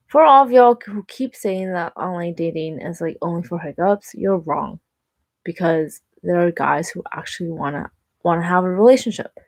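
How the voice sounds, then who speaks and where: A young woman talks straight to the camera in a casual vlog, chatty and lively, with many fillers. Her voice sits a little low for a woman. The sound is dry and close, with no room echo. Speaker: vlogger.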